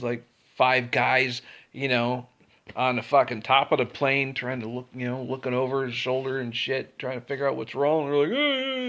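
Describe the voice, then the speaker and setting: Gravelly guy telling a cussing, blunt story, laughing here and there. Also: mid-range voice, pushed and bright. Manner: blunt and profane, laughs between lines. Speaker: storyteller vlogger. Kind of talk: casual profane storytelling.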